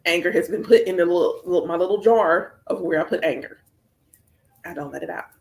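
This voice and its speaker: An American woman hosting a casual livestream chat, talking in an animated, storytelling way with playful asides. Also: fairly low pitch, a little fast. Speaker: spiritual practitioner hosting a livestream.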